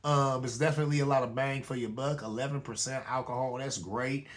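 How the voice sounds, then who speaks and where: A man's voice: medium pitch, fairly even intonation, brisk. A man hosting his own talk show, speaking in a loose conversational way and often asking "you know what I'm saying?". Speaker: host. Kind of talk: casual commentary monologue.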